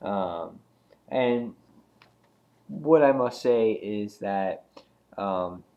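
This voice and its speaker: Low-voiced casual comic reviewer. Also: male voice, very slow, muffled recording. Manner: rambling with frequent ums and restarts.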